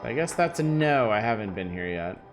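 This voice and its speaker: Guy streaming a game live, jumpy and excited, chatting along with faint music underneath. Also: lowish voice, moderate pace. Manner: reactive, easily startled, enthusiastic.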